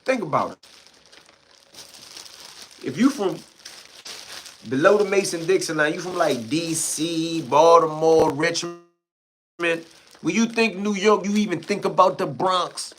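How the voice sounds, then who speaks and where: This livestream host is a D.C. man with a local accent, firing off a casual rant at his chat in heated, profane, blunt street language. His pitch is fairly high, but he keeps a measured pace and pauses often.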